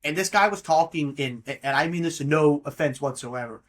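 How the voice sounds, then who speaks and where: A young man from Florida talks alone on his podcast in a casual, rambling monologue, joking and wandering off onto unrelated tangents. His voice is a bit high for a man and slightly bright, he talks fairly quickly, and he fills gaps with ums and restarts.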